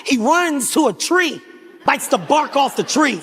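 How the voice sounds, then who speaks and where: High-pitched, animated male comedian. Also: measured pace, in a large hall. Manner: animated, profane, often shouting. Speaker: stand-up comedian. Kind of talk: stand-up storytelling. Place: comedy stage before an audience.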